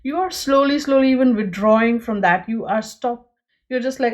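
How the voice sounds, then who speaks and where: A woman's voice: fairly high pitch, moderate pace, highs cut off. A woman giving a pick-a-card tarot reading, speaking earnestly and straight to her viewers, with many "you know"s.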